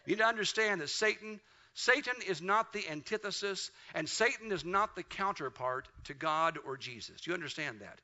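A man preaching a sermon with emphatic swings, rising to loud peaks and dropping low. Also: lively intonation, moderate pace. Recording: dull lo-fi recording.

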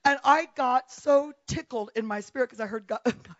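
A woman preaching a testimony with animated, storytelling energy, acting out the voices of the people she describes. The recording is dry and a little dull, with no room echo. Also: on the high side, moderate pace, few pauses. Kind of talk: testimony sermon.

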